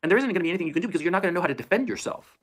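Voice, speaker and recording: Fast-talking lecturing man. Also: high voice, expressive. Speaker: commentator in a played video clip. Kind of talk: opinion commentary.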